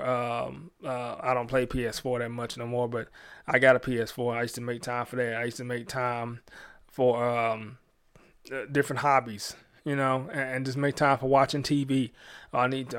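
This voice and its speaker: A man hosting a radio show, talking about faith in a relaxed, slangy, conversational way with lots of fillers and restarts. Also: medium pitch, clean tone. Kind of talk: casual faith talk on radio.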